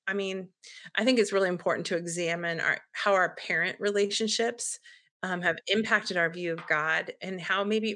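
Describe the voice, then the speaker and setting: A woman with a bright, clear tone and a slightly low voice speaks as a podcast guest. She talks earnestly and reflectively in a relaxed chat, with many casual fillers. The conversation is faith-based.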